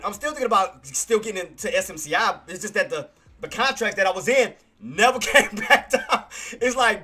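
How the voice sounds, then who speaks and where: A male streamer giving live trading commentary, excitable, repetitive and quick to apologize. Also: high voice.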